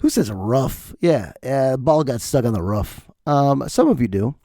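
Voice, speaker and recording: A man's voice: medium pitch, sing-song, a little slow, hardly any pauses, mellow, no echo, clean studio sound. A middle-aged man hosting a podcast, delivering a jokey, ranting comedic monologue. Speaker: podcast host.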